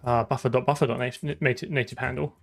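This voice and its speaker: A man's voice: mid-range voice, steady tone, fast talker, vocal fry. A man with a southern English accent chatting casually as he codes on a live stream, thinking aloud and laughing now and then. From southern England. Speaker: programming streamer. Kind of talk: casual live-coding chat.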